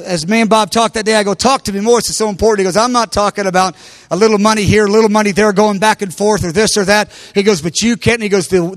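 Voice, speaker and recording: A man's voice: sits high, no echo. A man preaching, telling a story with animation and raising his voice when he quotes others. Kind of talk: sermon testimony.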